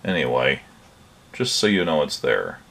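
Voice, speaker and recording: An older man hosting a hobby electronics channel, narrating a demo in a relaxed, plain-spoken way with hesitant pauses. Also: rumbling low, creaky.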